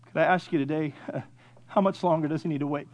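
A man in his fifties preaching a fervent sermon as pastor, swinging between soft, low passages and loud, rising appeals. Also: steady tone, quick pace, highs cut off. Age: 50s.

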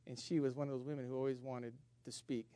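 A man preaching as a pastor, animated and humorous, jumping between loud emphasis and quiet asides. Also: mid-range voice, fast, dry recording. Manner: humorous storytelling with self-mockery. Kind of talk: sermon.

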